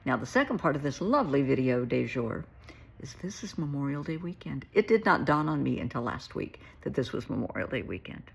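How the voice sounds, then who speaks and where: A middle-aged woman with a low voice that has some gravel and a husky edge speaks directly to her viewers. She is a therapist, and her talk is earnest and heartfelt. She calls her listeners sweetheart. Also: sing-song, brisk. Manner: warm, earnest, emotional, addresses viewers as sweetheart.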